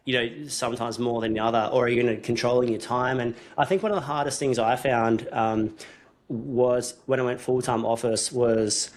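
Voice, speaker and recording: A man hosting a casual podcast chat, thinking aloud in long, rambling runs that restart mid-sentence. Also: mid-range voice. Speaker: podcast host.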